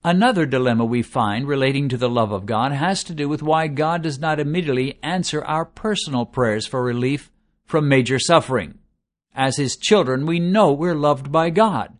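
A man preaching a sermon in an earnest, measured way, slowing down to stress lists of words. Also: mid-range voice.

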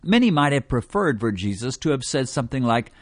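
A man reading a devotional teaching in a measured way, slowing down to stress quoted scripture. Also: medium pitch, sing-song, dry recording, studio quality. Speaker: preacher.

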